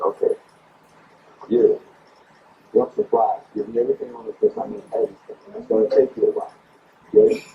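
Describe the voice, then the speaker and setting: A man lecturing in a stern way, played back as TV dialogue. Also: mid-range voice. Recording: dull distant TV audio with noise.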